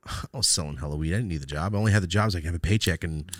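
A man's voice: low voice, racing, dry recording, studio quality. Foul-mouthed man telling a wild story. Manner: animated, profane storytelling with loud outbursts. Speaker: podcast host. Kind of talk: casual storytelling chat.

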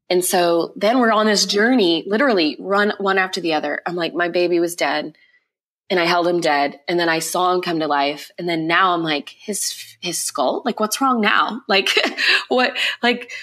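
A young woman guest on a podcast, telling her personal testimony in an emotional, quick retelling full of repeated phrases. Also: lowish voice, fairly bright tone.

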